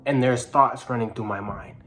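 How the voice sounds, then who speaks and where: A nineteen-year-old man earnestly telling a personal story to camera, halting, with many restarts and repeated phrases, sometimes dropping to a hush. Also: medium pitch, slight background noise. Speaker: vlogger. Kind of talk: personal testimony told to camera.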